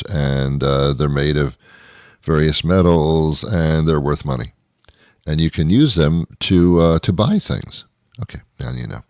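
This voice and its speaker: A middle-aged man delivering a rambling comic monologue, full of restarts and deadpan asides. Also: extremely low pitch, no echo, clean studio sound. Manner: meandering, self-interrupting, deadpan asides. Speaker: comedian host.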